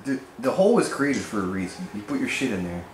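A man's voice: lowish voice, big pitch swings, fast. A man in a casual chat while drawing, trading crude jokes. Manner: joking, crude banter. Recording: roomy with faint noise.

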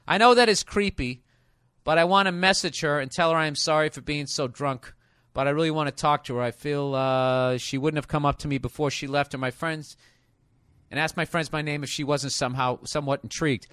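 A middle-aged man, hosting a comic advice podcast, reading out letters and riffing on them loudly and profanely. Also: a little high, fairly even intonation, a little fast, smooth, no room sound, studio quality. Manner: loud, profane, riffing and mocking. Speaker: podcast host.

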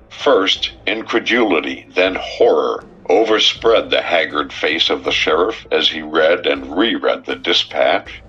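Deep, slow male story narrator. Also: sharp tone, husky. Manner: measured, unhurried reading. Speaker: audiobook narrator. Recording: dull, muffled recording with faint music.

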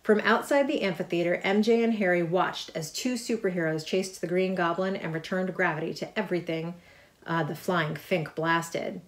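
A middle-aged woman with a fairly low voice reads her picture book aloud to children. She is lively and chatty, breaking off to point out the pictures. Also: normal speed. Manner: lively reading, chatty asides about the pictures. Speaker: author reading her book. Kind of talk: storybook read-aloud.

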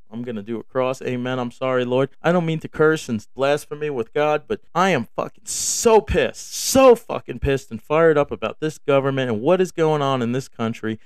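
A man's voice: mid-range voice, clear, resonant tone, no echo, clean studio sound. Profane, fired-up man hosting a podcast. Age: adult with kids. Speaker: podcast host. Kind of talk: casual late-night podcast monologue.

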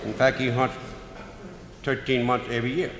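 A man's voice: medium pitch, flat delivery, normal speed, a crowd in the background. A man with a Cajun accent telling comic stories live in a folksy drawl. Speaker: humorous storyteller. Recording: roomy live hall recording, faint noise.

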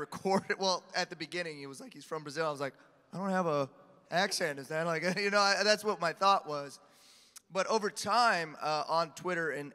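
A man on a convention panel, telling animated stories and laughing often as he answers questions. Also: fairly high pitch. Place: large convention hall. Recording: echoey hall reverb.

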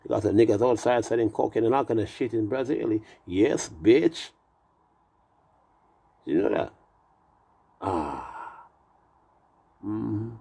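Man, low gravelly voice, husky, tipsy, rambling and cursing, wordplay. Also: expressive, slow pace, long pauses, mellow. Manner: profane, meandering, wordplay-heavy. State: tipsy from drinking. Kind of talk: rambling casual monologue.

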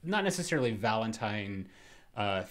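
A man's voice: on the low side, very animated, moderate pace. A man with a Canadian accent hosting a horror movie podcast in easygoing chat, often laughing and trailing off with fillers. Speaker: podcast host. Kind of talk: casual chat.

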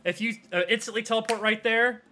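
Bright-voiced male game master. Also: high-pitched, steady tone, quick pace, a little hiss or hum. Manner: loose, rambling narration with hedges. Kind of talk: narrating a tabletop game.

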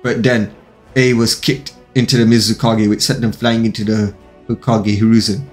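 A man's voice: fairly low pitch, flat delivery, normal speed. A man narrating a fan-fiction story in a plain, run-on reading with occasional slips. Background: faint music.

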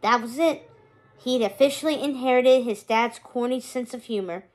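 A woman's voice: on the high side, normal speed, darkish tone. A woman narrating a children's chapter book aloud, reading steadily.

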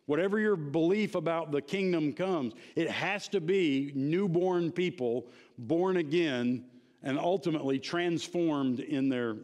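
A man leads a church Bible class in a relaxed, emphatic manner, often pausing to ask if his listeners follow. His voice sits a little high for a man. He is speaking in a church classroom. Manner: conversational, emphatic, asks the class questions. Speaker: Bible study teacher.

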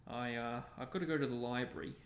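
Glum teen boy, read by a man, creaky and low-key, echoey. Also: steady tone, quick pace, slight background noise, natural voice. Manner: subdued, awkward. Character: glum teenage boy wizard. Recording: roomy echo.

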